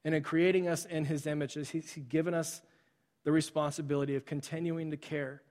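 A man's voice: fairly high pitch, flat delivery, a little fast, a little mellow. A man preaching to his church, telling a story in a conversational way with frequent fillers and restarts. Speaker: pastor. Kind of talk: sermon storytelling. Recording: long hall reverb.

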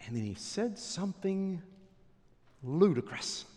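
A pastor preaching a sermon, swinging from loud declarations to hushed whispers. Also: male voice, high-pitched, big pitch swings, slow. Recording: long hall reverb.

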